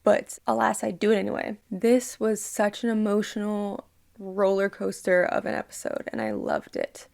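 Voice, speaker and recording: A woman's voice: medium pitch, moderate pace, creaky, a little mellow. A young woman hosting a reaction video, talking casually and emotionally, ranting and swearing freely.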